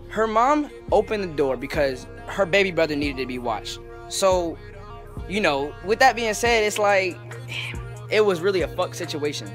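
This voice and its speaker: Young male storyteller, high bright voice, animated slangy delivery over faint music. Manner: animated, profane, slangy retelling. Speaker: storytelling vlogger. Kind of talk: casual storytime.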